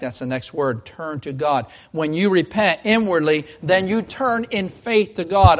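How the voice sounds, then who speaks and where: A man preaching a sermon, swinging from loud emphatic declarations to hushed, almost whispered appeals, repeating his questions for effect. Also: fairly high pitch. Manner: repetitive pleading questions.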